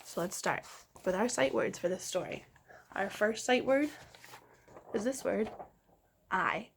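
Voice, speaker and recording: A woman teacher giving a slow, clear phonics lesson to young children, sounding out each letter and inviting them to repeat. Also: medium pitch, a little hiss or hum.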